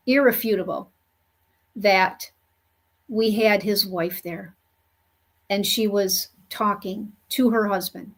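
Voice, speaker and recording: A woman speaks at a slow, unhurried pace, recounting her experience earnestly. Her pitch sits in a middle register, and she fills her talk with "you know" as she shares the story as a spiritual medium. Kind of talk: storytelling monologue.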